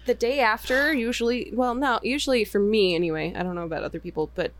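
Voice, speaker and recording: A woman's voice: on the high side, steady tone, quick pace, slight background noise. A woman co-hosting a podcast in casual chat, laughing often between her lines. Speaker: podcast co-host.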